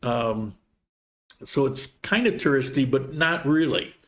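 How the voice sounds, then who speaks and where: A man hosting a casual livestream Q&A, reading viewer comments and answering in a relaxed, rambling way. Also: mid-range voice, unhurried. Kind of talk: casual live Q&A chat.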